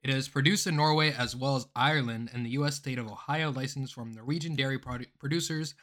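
A man co-hosting a casual podcast with a bright, forward voice. He talks in an animated, theatrical way and slides easily into exaggerated rants. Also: medium pitch, fast. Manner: animated, dramatic outbursts, ranting. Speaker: podcast co-host.

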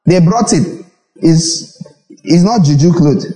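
A man's voice: a little high, slow pace. A Nigerian man preaching a sermon as pastor, repeating phrases and acting out little dialogues. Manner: animated preaching with repetition and acted-out dialogues. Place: church hall. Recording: echoey reverberant church hall.

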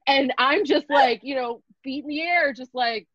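A young woman comedian telling a story in a casual, profane, animated way and acting out the people in it. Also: sits high, unhurried, no room sound. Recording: dull lo-fi sound.

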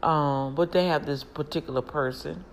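A woman chatting casually to her viewers, telling family stories in an animated, talkative way with frequent laughs. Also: sits low, normal speed, slight background noise.

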